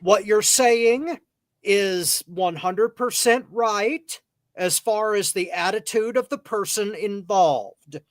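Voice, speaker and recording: Podcast host guy talking real slow and careful, dry close sound. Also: sits high, no echo. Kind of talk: measured commentary. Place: cigar lounge, live on location.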